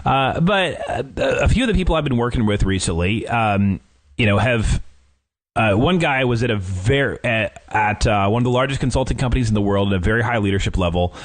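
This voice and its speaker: A man's voice: medium pitch, expressive, brisk. A young man hosting a casual podcast, talking in a rambling way with lots of fillers. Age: young adult. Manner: rambling, many fillers and restarts. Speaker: podcast host.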